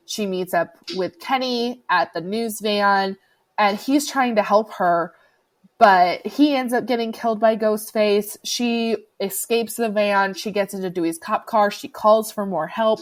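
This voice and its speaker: Woman podcast host retelling a movie scene by scene, lively, does little voices for the quotes. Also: medium pitch, a little slow. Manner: animated storytelling, acts out quotes. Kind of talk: casual chat recapping a film.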